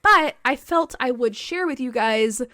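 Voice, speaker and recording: Chatty, animated woman with a high-set voice. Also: unhurried, no room sound, clean studio sound. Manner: animated and chatty, peppered with "like", casual swearing. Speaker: podcast co-host. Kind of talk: casual chat, storytelling.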